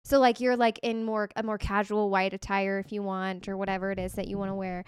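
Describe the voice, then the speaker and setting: A woman co-hosting a podcast, talking in a chatty, animated way full of "like". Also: mid-range voice, brisk, clear, resonant tone, no echo, studio quality. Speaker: podcast co-host. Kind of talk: casual chat.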